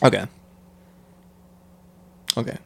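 A man's voice: slow, fairly bright tone. A young man co-hosting a casual chat, joking irreverently and laughing often. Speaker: podcast co-host.

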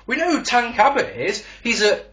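A man's voice: very high voice, lively intonation, normal speed, a bit bright. A man reviewing an old wrestling show in a sarcastic, profane rant.

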